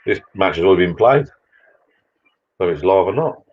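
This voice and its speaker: A man's voice: sits low, animated, fairly quick, husky. A man hosting a casual live chat, full of cheeky banter and light swearing. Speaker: livestream host. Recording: dull lo-fi sound.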